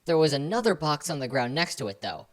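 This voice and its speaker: A woman's voice: sits low, very animated, a little fast. A woman voicing a rambling, overdramatic male German film director in a comedy podcast sketch. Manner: overdramatic, long-winded storyteller.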